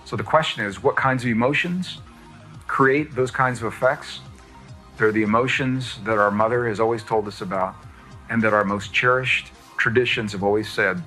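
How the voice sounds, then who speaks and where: A man giving a lecture-style talk, explaining in a measured, deliberate way. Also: lowish voice, pushed and bright. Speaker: speaker on science and spirituality.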